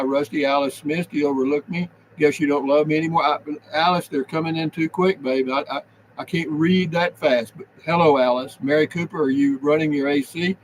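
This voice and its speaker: A man chats on a live stream in a folksy, relaxed drawl. His voice sits a bit higher than most men's. A faint hum of ambience runs underneath. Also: poor audio. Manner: folksy, greets viewers one by one, drawling southern-style howdys. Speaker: livestream host reading chat. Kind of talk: casual live chat.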